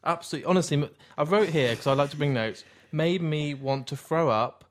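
A man's voice: fairly high pitch, fairly quick. Blunt man ranting about a film. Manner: blunt, swearing, exaggerated opinions. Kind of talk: casual film chat.

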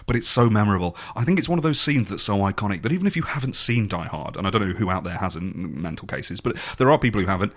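A man, co-hosting a podcast and telling film stories in a quick, animated, casual way. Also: fairly low pitch. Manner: quick, animated storytelling with swearing. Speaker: podcast co-host.

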